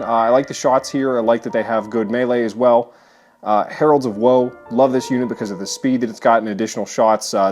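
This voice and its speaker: A man's voice: medium pitch, darkish tone. Matter-of-fact guy explaining his army. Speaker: co-host. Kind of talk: casual tabletop game chat. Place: basement.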